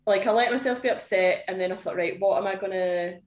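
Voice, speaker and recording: A woman's voice: mid-range voice, fairly quick. A young woman, a powerlifter guest on a podcast, talking candidly and chattily with lots of "like" fillers. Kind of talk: casual interview chat. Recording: echoey room.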